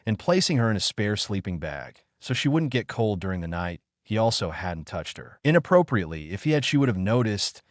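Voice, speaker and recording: A man narrating a fan fiction story in an even storytelling manner. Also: fairly low pitch, brisk, hardly any pauses, no room sound, clean studio sound.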